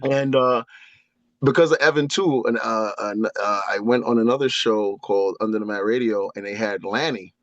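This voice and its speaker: Animated man telling stories, dull dry sound. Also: fairly low pitch, moderate pace, no room sound. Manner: animated, breaks into impressions. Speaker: guest. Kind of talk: casual storytelling.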